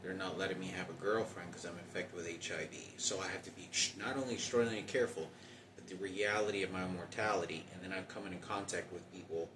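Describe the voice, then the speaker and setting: A man in his forties talking in a halting, rambling personal monologue with many restarts. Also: low voice, steady tone, echoey room, recorded from a distance, noisy background. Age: 40s.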